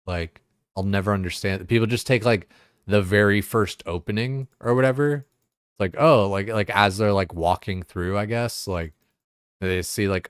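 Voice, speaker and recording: A man's voice: lowish voice, moderate pace, clear, resonant tone, dry recording, clean studio sound. A young man streaming, chatting casually in a rambling, profane way, full of fillers. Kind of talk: casual chat.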